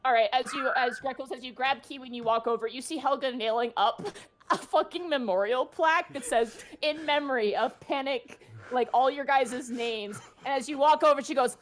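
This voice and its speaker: A woman's voice: high-pitched, a little fast. Rambling woman game master. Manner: casual, rambling, full of "like" and "uh". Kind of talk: narrating a tabletop game.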